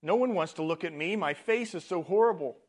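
A man playing a desperate, high-voiced leper. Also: expressive, brisk. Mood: pleading. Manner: pleading, then overjoyed and shouting thanks. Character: desperate pleading male leper, grown man.

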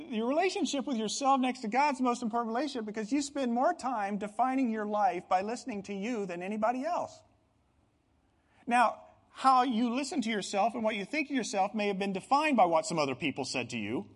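A man's voice: sits high, lively intonation, fairly quick. A middle-aged man preaching a sermon as pastor, earnest and building to emphatic bursts.

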